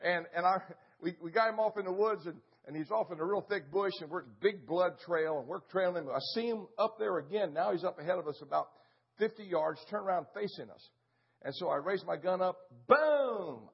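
An older man, a pastor, telling a story in a sermon, animated and full of sound effects. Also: sits high, gravelly, slightly rough, dull audio.

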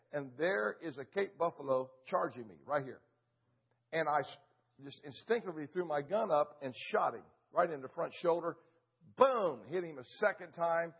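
An older male pastor with a high, husky voice tells a story from the pulpit, acting it out with punchy sound effects. The recording is dull and lo-fi. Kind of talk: storytelling sermon.

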